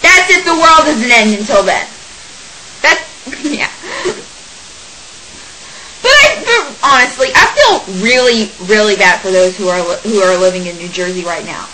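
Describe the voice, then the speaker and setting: A woman's voice: medium pitch, big pitch swings, a little slow, pauses often, very noisy. A young woman in her late teens ranting to camera, exasperated and sarcastic, laughing between complaints. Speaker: vlogger.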